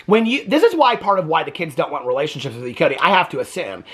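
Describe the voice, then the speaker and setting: A man's voice: a little high, big pitch swings, fast talker, fairly bright tone, breathy edge. A man giving a casual, gossipy recap of a reality TV episode, exasperated and often mimicking the people he discusses. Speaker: TV recap commentator.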